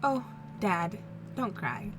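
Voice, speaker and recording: A woman reading the lines of an excited, chatty teenage daughter about to leave for college. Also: medium pitch, background noise. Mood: eager. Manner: eager, chatty, quick enthusiasm.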